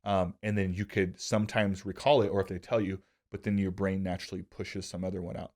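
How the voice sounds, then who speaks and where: A man in his thirties hosting a podcast, telling casual stories with self-deprecating humor. He gets animated, and his voice jumps high when he quotes himself. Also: brisk. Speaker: podcast host. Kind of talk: casual conversational storytelling.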